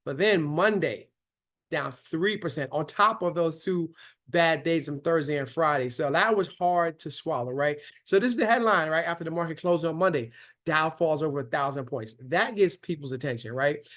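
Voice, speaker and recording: A man's voice: a little high, normal speed, a bit bright. A man hosting a casual online investing lesson as a financial coach, upbeat and checking in with listeners with a frequent "right?".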